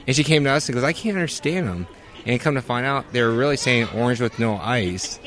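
A man's voice: medium pitch, fast talker, a bit bright. A man on a flight crew, retelling a funny passenger mix-up in a plain, matter-of-fact way. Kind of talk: casual anecdote telling.

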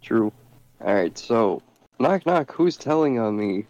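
A man joking around with friends in casual chat, with an expressive delivery. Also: mid-range voice, slow pace, lo-fi sound.

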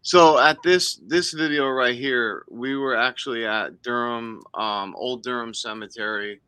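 A man appearing as a guest paranormal investigator on a podcast, telling his stories eagerly and excitably in casual chat. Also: mid-range voice, unhurried, clean tone, no room sound.

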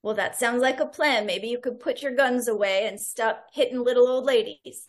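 A woman's voice: fairly high pitch, normal speed. A woman playing a tabletop game, speaking dryly in character with a teasing edge. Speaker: player.

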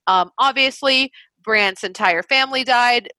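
A young woman co-hosting a casual podcast, recapping a movie in an animated way with mocking impressions. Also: fairly high pitch, a little slow, dry recording. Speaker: podcast co-host.

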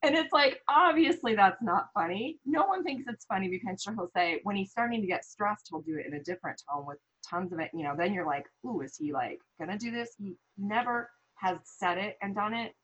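A middle-aged woman from the American Midwest, telling stories as a guest in a casual interview with restarts and quick laughs. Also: medium pitch, slightly rough, lo-fi sound. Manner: animated storytelling, frequent restarts and laughs.

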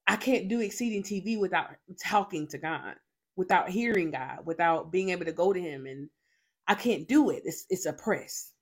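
Lower-voiced woman telling a dramatic testimony. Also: animated, moderate pace, husky. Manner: dramatic storytelling with emphatic repetition. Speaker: faith show host. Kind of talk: personal testimony.

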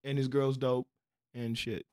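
A man's voice: mid-range voice, little pitch movement, a little slow, warm tone, no room sound, studio quality. A man in casual group chat, talking animatedly, laughing often and slipping into imitated voices as he tells stories.

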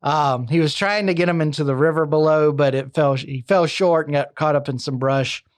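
A man's voice: on the high side, normal speed. A man casually narrating a true crime story, chatty with asides and fillers. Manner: conversational, many fillers and asides.

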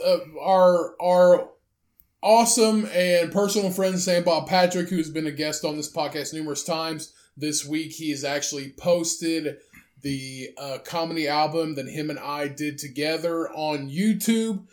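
A man's voice: fairly high pitch, measured pace. A young man co-hosting a podcast, chatting loosely and crudely and reading news quotes with lots of fillers. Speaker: podcast co-host. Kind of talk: casual podcast banter.

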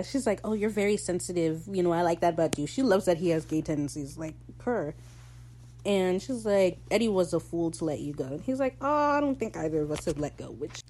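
A woman with a fairly low voice hosts a casual recap podcast, talking in an animated, slangy way. She swears freely and laughs between lines. A faint hum runs under her voice. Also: poor audio. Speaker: podcast host.

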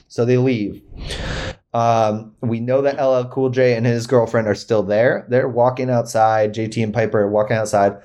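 A man co-hosting a podcast, recapping a movie plot in a relaxed way with lots of "um" and "like". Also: medium pitch, moderate pace. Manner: laid-back storytelling with frequent "um" and "like". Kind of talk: casual podcast chat.

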